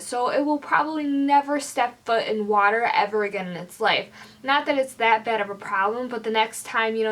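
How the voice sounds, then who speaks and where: A young woman vlogger ranting angrily to camera, swearing often and filling pauses with "like". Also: fairly high pitch, bright, forceful tone. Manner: heated, swearing, lots of fillers. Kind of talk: angry rant to camera.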